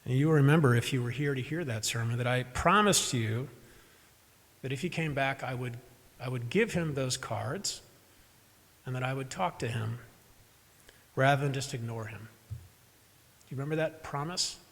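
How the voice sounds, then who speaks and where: A man's voice: medium pitch, moderate pace, long pauses, fairly bright tone. A man preaching a sermon as pastor, telling a personal story conversationally with self-deprecating asides to the congregation. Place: church sanctuary during a live service. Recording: echoey church hall.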